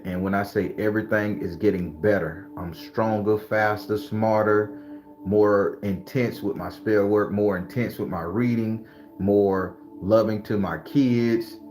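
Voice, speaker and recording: A man hosting a live stream as a tarot reader, chatting casually with viewers in an animated, profane way, laughing often and slipping into preachy pep talks. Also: on the low side.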